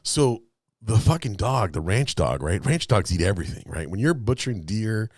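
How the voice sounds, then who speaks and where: A man co-hosting a podcast tells a story casually and profanely, acting out other people's lines with animated energy. His voice is lowish and a little fast, with studio-quality sound and no echo.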